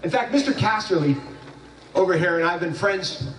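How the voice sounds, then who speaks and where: A man's voice: high voice, lively intonation, moderate pace, fairly bright tone, recorded from a distance, a little hiss or hum. Jokey man speaking in an echoey hall. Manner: loose, jokey, with frequent restarts. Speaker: graduation speaker. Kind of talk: joking storytelling speech.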